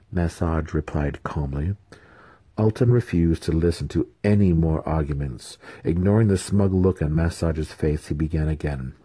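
Deep, husky man reading a fantasy novel. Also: normal speed, warm tone, no room sound. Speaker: audiobook reader.

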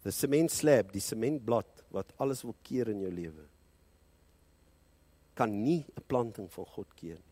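South African man, pastor, fervent sermon, husky voice with a lively, swinging pitch, dry close sound. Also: moderate pace, no echo. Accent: South African English. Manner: fervent preaching with swings between loud high peaks and quiet low passages; switches between English and Afrikaans.

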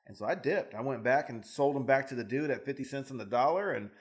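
A man's voice: mid-range voice, expressive. A man co-hosting a podcast, telling his own stories in casual chat with plenty of swearing. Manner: fast, profane storyteller. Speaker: podcast co-host.

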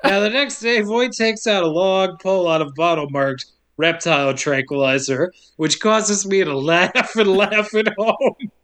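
Guy with a pretty high voice goofing through a movie recap, laughing a lot, doing little voices. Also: a bit bright. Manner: joking, laughs often, mimics characters in quick asides. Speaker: podcast co-host recapping a movie. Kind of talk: casual comedic movie recap.

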